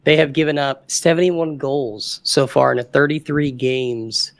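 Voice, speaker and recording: Gravelly man making confident predictions. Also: medium pitch, steady tone, unhurried. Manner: confident, makes firm predictions. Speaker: podcast co-host. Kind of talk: casual sports chat.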